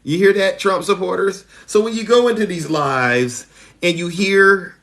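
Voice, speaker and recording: Animated mock-earnest man streaming. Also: high voice, a little slow. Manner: mock-earnest, animated, rising excitedly when retelling. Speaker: live stream host. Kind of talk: satirical live stream monologue.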